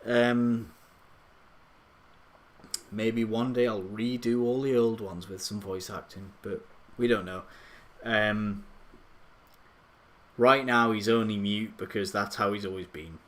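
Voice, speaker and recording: Rambling, self-deprecating low-voiced man. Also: steady tone, slow pace, pauses often, a bit bright. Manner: rambling and self-deprecating, lots of hesitant restarts. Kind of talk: casual late-night live stream chat. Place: home computer setup at night. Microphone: desktop USB microphone.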